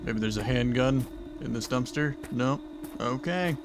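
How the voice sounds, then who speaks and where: A man's voice: medium pitch, measured pace, music in the background. A man doing horror game commentary, talking to himself with wry, joking asides. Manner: talks to himself, wry and jokey. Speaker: gaming channel host.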